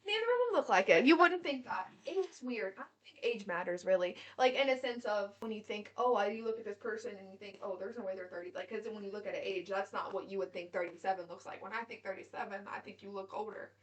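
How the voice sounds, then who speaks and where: A woman's voice: mid-range voice, fast talker, hardly any pauses. A woman in her late twenties co-hosting a podcast, chatting casually in a blunt, jokey way and swearing freely. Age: late 20s. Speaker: podcast co-host. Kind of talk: casual chat.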